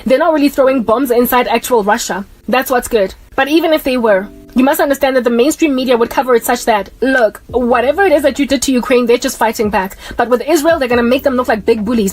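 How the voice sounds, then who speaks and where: A woman delivering an impassioned religious monologue in an emphatic, preachy way. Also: fairly high pitch. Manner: emphatic, preachy, rapid-fire talk. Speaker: Christian vlogger.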